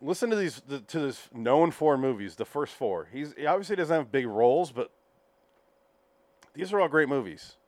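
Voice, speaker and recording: A man's voice: mid-range voice, expressive, normal speed, darkish tone. Laid-back man reading film credits. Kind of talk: casual chat.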